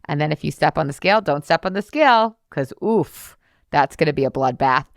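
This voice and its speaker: A woman's voice: expressive, fairly quick, gravelly, no room sound, clean studio sound. Woman putting on a taunting sing-song inner critic. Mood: mocking. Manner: mocking, singsong, high-pitched.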